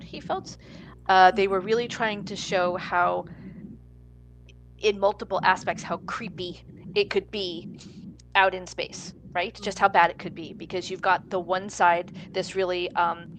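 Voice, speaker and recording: A woman's voice: fairly low pitch, a bit bright, low-quality recording. A woman co-hosting a podcast, chatting casually as she recaps a TV episode and acts out the characters' lines. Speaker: podcast co-host.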